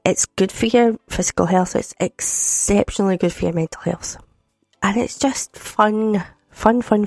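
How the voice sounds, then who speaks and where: A woman's voice: medium pitch, vocal fry, no echo. A Scottish woman presenting a Sunday radio show, chatty and jokey, sounding a bit groggy, on a studio microphone. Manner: chatty, jokey, warm teasing asides. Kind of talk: casual radio chat. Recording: dry studio sound with faint music.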